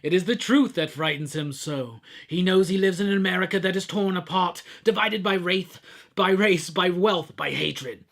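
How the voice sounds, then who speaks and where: Guy doing a british-ish bad guy voice, sneering and menacing, kinda high. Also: moderate pace, gravelly, a bit bright, heavily acted. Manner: menacing theatrical speech. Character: sneering British-style male villain.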